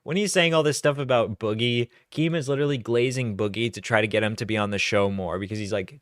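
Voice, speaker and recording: A man's voice: fairly low pitch, quick pace, hardly any pauses, a bit bright, no echo. Dry, rambling young streamer man. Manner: rambling, self-correcting, laughs between points. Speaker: streamer commentator. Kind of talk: casual reaction commentary.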